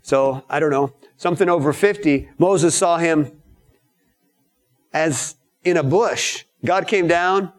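A man preaching a sermon in a storytelling way, acting out the lines of the people in his story with sudden high shouts. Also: takes it slowly.

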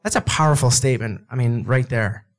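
A man's voice: mid-range voice, brisk. A man preaching a sermon, speaking conversationally and acting out dialogue from the scripture he reads. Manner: animated, acts out dialogue with God and Moses; conversational, with asides and laughs.

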